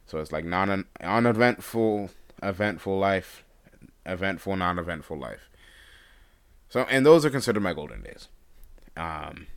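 A young man talks off the cuff on his own podcast, wandering from thought to thought with frequent ums and restarts. His voice sits very low and still has a groggy, just-woke-up roughness to it. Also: fairly bright tone. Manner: rambling, hesitant, many fillers and restarts. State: groggy morning voice. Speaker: podcast host. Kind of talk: unscripted solo podcast talk.

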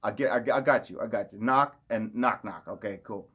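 A man putting on a cool, tough cop's voice, low and drawling, in a slightly dull, lo-fi recording. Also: a little fast, breathy edge. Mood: laid-back.

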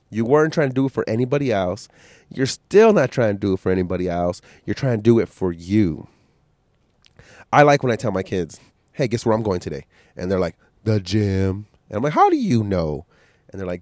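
A man with a lowish voice, fighting a cold with a stuffy nose and coughs, rambles bluntly and swears freely as he hosts a solo podcast. The sound is dry and close, with no room around it. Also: very animated, brisk, a little mellow, no echo. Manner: profane, blunt motivational rambling. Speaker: podcast host. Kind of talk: casual solo podcast monologue.

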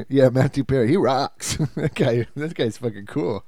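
A man's voice: mid-range voice, a little slow, dark tone, no room sound, clean studio sound. A man co-hosting a podcast in casual, jokey chat, laughing and trying out silly impressions. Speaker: podcast co-host.

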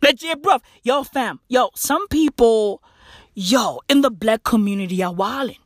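A high-voiced woman rants comedically, swearing freely and packing every sentence with slang. She repeats her points for emphasis, and the sound is dry and close. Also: lively intonation, measured pace, dry recording. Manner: profane, slang-heavy, emphatic repetition. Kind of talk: comedic rant.

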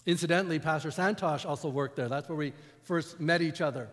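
A man's voice: on the high side, brisk, fairly bright tone. A man, preaching a sermon as pastor in a conversational storytelling way. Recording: long hall reverb.

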